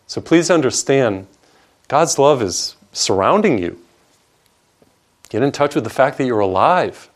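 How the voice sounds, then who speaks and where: A man, a priest, preaching a televised sermon in an earnest, emphatic way, stacking up lists of words and dropping soft on tender lines. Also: medium pitch, very animated, measured pace, long pauses.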